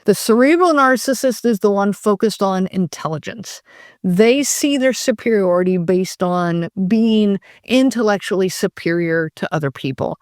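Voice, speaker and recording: Brief: female podcast host, mid-pitched, chatty explainer, dry close recording. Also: moderate pace, a little mellow, no room sound. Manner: conversational, with frequent fillers and restarts.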